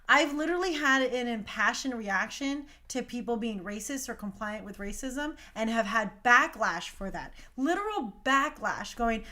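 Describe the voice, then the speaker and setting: A woman's voice: fairly high pitch, lively intonation, normal speed, few pauses, sharp tone. A young woman hosting a talk show, speaking in a passionate, emphatic casual monologue. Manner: impassioned, emphatic.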